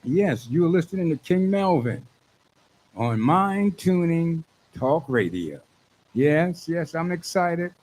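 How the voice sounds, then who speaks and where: Excitable New radio host, man. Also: on the high side, takes it slowly, rough recording. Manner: excitable, repeats phrases for emphasis. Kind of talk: hyped radio show hosting. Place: radio studio.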